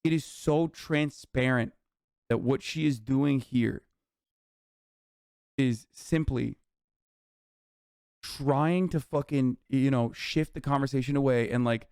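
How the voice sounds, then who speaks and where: A man's voice: mid-range voice, slow, pauses often, darkish tone, smooth, no room sound, clean studio sound. A man in his thirties ranting angrily about politics on a live stream, cursing and sarcastic, reading chat messages aloud. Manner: profane, heated, sarcastic, reads chat aloud. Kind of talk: angry political rant on stream.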